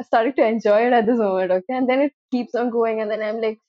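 A young woman co-hosting a casual podcast, telling an animated story and laughing while quoting herself. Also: a little high, fast talker, no echo, dull audio. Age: young adult. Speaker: podcast co-host.

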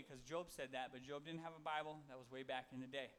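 A man's voice: medium pitch, steady tone, fast talker, a bit bright. A man giving a casual, conversational sermon, reading Bible verses and talking them through with fillers and self-corrections. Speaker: preacher.

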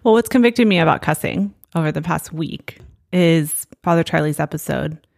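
Gravelly low woman, candid faith-talk co-host, dry sound. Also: normal speed, a little mellow, dry recording. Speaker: podcast co-host. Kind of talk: faith-based conversation.

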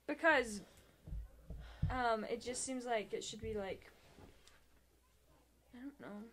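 A woman in a casual trivia chat with friends, talking in an animated, giggly and jokey way. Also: on the high side, slow pace, slight background noise.

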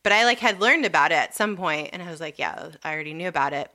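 A woman's voice: low voice, lively intonation, quick pace, sharp tone. A woman in her thirties chatting casually, telling a rambling story full of fillers. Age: 30s. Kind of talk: casual chat.

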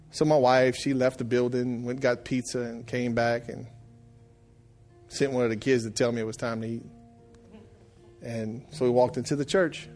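A middle-aged man preaching a sermon, telling stories that swing from quiet, hushed lines to loud shouted outbursts. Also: medium pitch, level tone, normal speed, long pauses, faint music behind. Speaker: pastor.

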